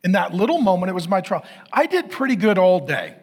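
A man's voice: sits high, sing-song, fairly quick, slightly rough. A middle-aged male pastor preaching, telling a candid, self-mocking story about his marriage to the congregation. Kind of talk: sermon.

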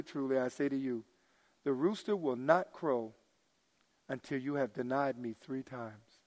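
With a high, animated voice, this middle-aged pastor delivers a sermon that swings from forceful, loud outbursts to soft, murmured asides. Everything echoes with a long, sanctuary-like reverb.

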